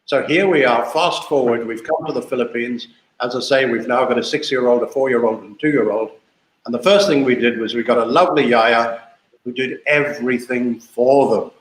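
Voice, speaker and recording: A man's voice: medium pitch, fairly quick. A man in his sixties from South Africa, a guest telling family stories in a chatty, anecdotal way and often repeating himself. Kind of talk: casual storytelling interview. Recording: echoey room.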